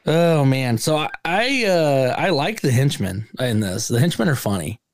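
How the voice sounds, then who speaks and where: A man's voice: mid-range voice, big pitch swings, measured pace, no echo. A man co-hosting a podcast, chatting casually about a movie and acting out quoted lines in a raised voice. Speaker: podcast co-host. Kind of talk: casual movie review chat.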